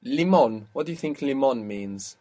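A man's voice: mid-range voice, expressive, normal speed, dark tone. A man teaching a language lesson, patiently asking questions and explaining rules step by step.

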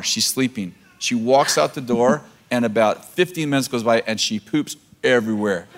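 A man's voice: medium pitch, normal speed, few pauses. A man telling family stories in casual chat, joking and chuckling as he talks. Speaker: husband and father joining the story.

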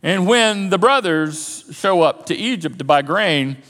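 A man preaching a sermon, telling a story with lively animation and acting out the characters' lines. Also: high-pitched, measured pace, long reverb tail. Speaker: pastor. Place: church auditorium.

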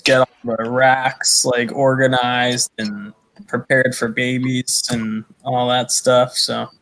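A man's voice: medium pitch, flat delivery, slow, fairly bright tone. A man talking as a podcast guest, in a mid-range voice. He rambles, pads his sentences with fillers, and drifts from one thought to the next. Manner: rambling, filled with "you know" and "uh". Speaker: podcast guest, snake keeper. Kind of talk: casual chat.

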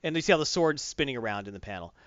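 Chatty guy talking comics, bouncy pitch, dry muffled mic. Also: rapid-fire, dry recording. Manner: rambling, animated, retells with voices. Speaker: podcast host. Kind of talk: casual comic review chat.

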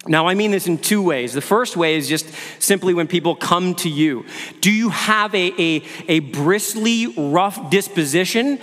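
A man's voice: high-pitched, a little slow, a bit bright. Man preaching in a church, earnest, keeps asking the room questions, long echo around him. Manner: earnest preaching with rhetorical questions and repeated words. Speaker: pastor. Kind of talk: sermon. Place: church sanctuary. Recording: long hall reverb.

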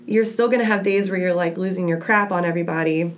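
A woman in her thirties talks in a relaxed, casual way about raising a toddler. She tells stories in an animated way and acts out the voices. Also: fairly low pitch, fast. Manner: animated storyteller acting out her kid. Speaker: podcast co-host, mother of a toddler. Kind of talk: casual chat.

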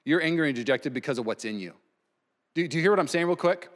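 A male pastor preaching a sermon in a slightly higher voice, emphatic and swinging between loud and hushed. His voice carries a long reverb from a large church hall. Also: lively intonation, quick pace.

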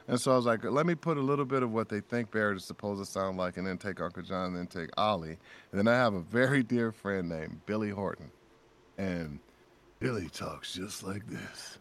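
A man talking as a guest voice actor in a casual podcast chat, an animated storyteller who laughs often and repeats his phrases. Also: lowish voice.

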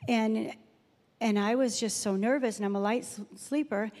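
A woman's voice: fairly high pitch, steady tone, moderate pace, darkish tone. A middle-aged woman, preaching a chatty sermon full of personal stories and Bible readings. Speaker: guest speaker at a church Mother's Day service. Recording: reverberant hall sound.

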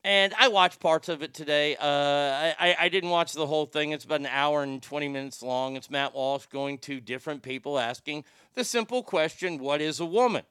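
A man's voice: on the high side, moderate pace, few pauses, bright, forceful tone, clear, resonant tone, dry recording, clean studio sound. A man hosting a livestream, chatting casually and reading viewer comments in a rambling, profane way. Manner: rambling and profane, with frequent restarts.

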